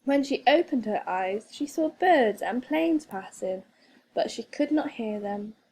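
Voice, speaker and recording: A woman reading a children's storybook aloud as a teacher, expressive and playful with sound effects. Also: fairly high pitch, unhurried, slightly rough.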